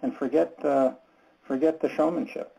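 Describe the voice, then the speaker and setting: Gravelly-voiced man leading Bible talk. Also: a little high, fairly even intonation, mellow, low-quality recording. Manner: halting, repeats words, earnest and direct. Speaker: Bible study leader. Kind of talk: candid group Bible discussion.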